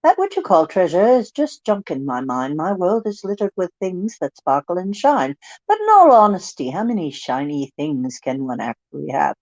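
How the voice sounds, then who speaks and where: A tarot reader voicing a bored, treasure-weary octopus in an odd made-up accent, higher than their usual voice. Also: big pitch swings, normal speed, darkish tone, no echo, lo-fi sound. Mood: world-weary. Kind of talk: reading card text aloud in a put-on voice.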